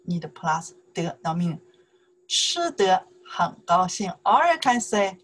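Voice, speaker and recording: Slow-paced Chinese woman teaching. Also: lowish voice, big pitch swings, fairly bright tone. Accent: Mandarin Chinese. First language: Mandarin Chinese. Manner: patient, repeats "okay?" and drills phrases slowly. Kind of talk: online language lesson.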